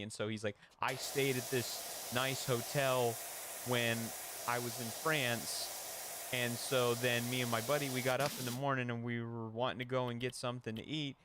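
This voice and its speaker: A man's voice: medium pitch, little pitch movement, moderate pace, background noise. Rambling young man chatting on stream. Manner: rambling, with many fillers and laughs. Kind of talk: casual chat. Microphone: headset or desk mic with an audio interface.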